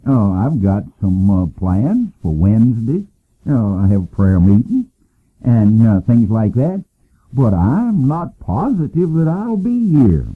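An older man giving an informal, folksy Bible lesson, talking plainly with many pauses and "uh"s. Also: medium pitch, sing-song, husky, narrow, tinny audio. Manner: folksy and conversational, frequent "uh"s. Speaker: Bible teacher.

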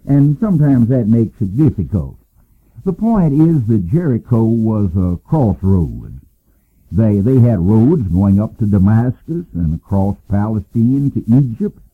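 An older man giving an informal, folksy Bible lesson, talking plainly with many pauses and "uh"s. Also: mid-range voice, breathy edge, narrow, tinny audio. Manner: folksy and conversational, frequent "uh"s. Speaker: Bible teacher.

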